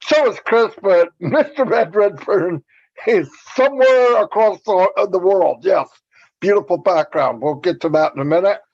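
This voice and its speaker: A man hosting a livestream, relaxed and easygoing, who opens the show and reads viewer shout-outs over a video call. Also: sits high, moderate pace, muffled recording. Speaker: host.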